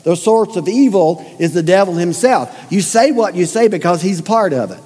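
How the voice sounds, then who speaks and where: A man preaches to his congregation in a folksy, emphatic way, often pausing to put questions straight to them. His voice sits fairly high for a man. A long reverb trails off each line, the way it does in a church sanctuary. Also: lively intonation, mellow, slightly rough. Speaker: pastor. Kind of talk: sermon.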